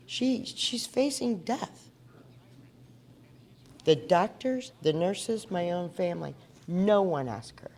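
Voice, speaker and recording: A woman's voice: fairly low pitch, animated, takes it slowly, pauses often, a little mellow. A woman from Indiana speaking at a recovery meeting, telling her story in an earnest, conversational way and asking the audience questions. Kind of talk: personal recovery talk at a meeting. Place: meeting hall before an audience.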